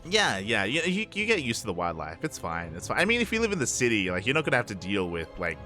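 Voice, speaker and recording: Bright-voiced Australian esports caster. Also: male voice, on the low side, huge pitch swings, fast talker, faint music behind. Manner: chatty, laughs often, loose asides between play-by-play. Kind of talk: live esports commentary.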